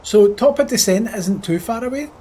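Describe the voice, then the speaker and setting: A man's voice: high-pitched, lively intonation, moderate pace, mellow, slightly rough. A Scottish man chatting casually on a flight sim live stream, full of crude, profane joking banter with his chat. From Scotland.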